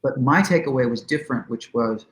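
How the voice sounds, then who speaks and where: A middle-aged man, an interview guest, reflecting conversationally with halting restarts. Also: mid-range voice, echoey room, low-quality recording. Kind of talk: conversational storytelling.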